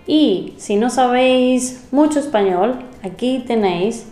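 A woman with a Spanish accent, co-hosting a casual language lesson and modeling phrases slowly and carefully. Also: fairly high pitch, expressive, mellow, reverberant. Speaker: Spanish teacher co-host.

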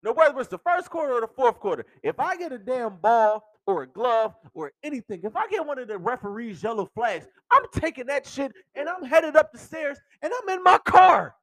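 A male podcast host delivering an excitable sports rant, swearing freely and laughing through his words. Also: extremely high pitch, a little fast, few pauses, no echo.

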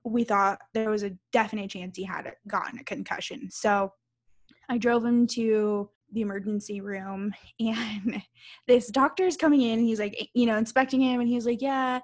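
In casual podcast chat, a thirty-something female co-host tells a story, animated and laughing, with plenty of free swearing. She speaks at a normal speed in a medium-pitched voice.

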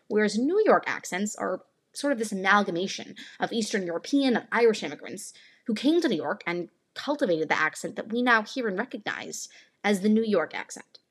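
Woman podcast host reading her script, kinda husky breathy voice, earnest and explaining stuff. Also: mid-range voice.

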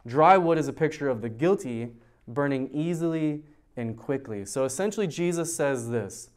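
A man's voice: medium pitch, moderate pace, a little mellow. A man, a youth pastor, teaching a verse-by-verse sermon in a conversational way and putting questions to his listeners at a church youth service. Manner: conversational, asks the audience questions.

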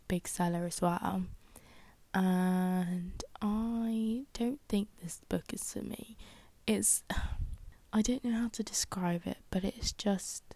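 A woman's voice: mid-range voice, gravelly, warm tone, dry recording. A young woman hosting a solo podcast, chatting casually and rambling with many fillers and self-deprecating asides. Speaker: podcast host.

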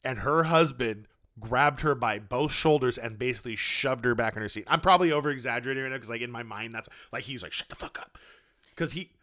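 A man's voice: mid-range voice, fast, few pauses. A man in casual chat, telling a story with lots of swearing and acting out what other people said. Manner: animated, swears freely, acts out other people's lines.

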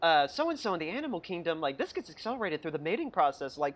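A co-host chatting about a film in a rambling, giggly way, acting out scenes in quick quoted voices. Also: mid-range voice, very animated. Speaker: movie review podcast co-host. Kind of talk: casual chat.

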